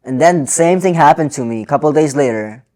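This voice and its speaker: A man's voice: fairly high pitch, fairly quick. A man co-hosting a podcast, venting in casual chat, swearing freely. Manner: swears a lot, animated venting. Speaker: podcast co-host.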